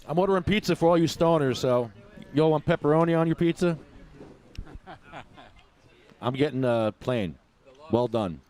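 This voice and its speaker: A man's voice: on the high side, lively intonation, measured pace, pauses often, a little mellow. A man co-hosting a podcast, reading news offhandedly and chatting. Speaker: podcast co-host. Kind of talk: reading news aloud and casual chat.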